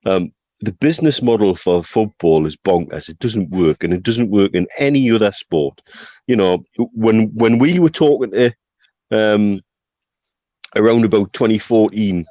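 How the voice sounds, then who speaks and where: Emphatic man, low voice, dry muffled sound, casual football talk. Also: measured pace, dark tone, no room sound. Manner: emphatic, repeats words when stressing a point. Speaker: podcast co-host.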